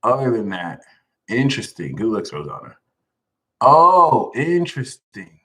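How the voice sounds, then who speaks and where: A man's voice: lowish voice, very animated, unhurried, bright, forceful tone, poor audio. A man hosting a casual livestream, talking animatedly, laughing a lot and reading viewers' names from the chat. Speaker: livestream host.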